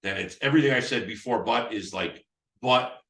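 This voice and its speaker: Fast-talking and fairly bright in tone, a man with a fairly low voice teaches agents how to handle phone scripts. He acts out the seller as well as himself, rambling and starting over frequently. The live talk has room echo and distant mic placement.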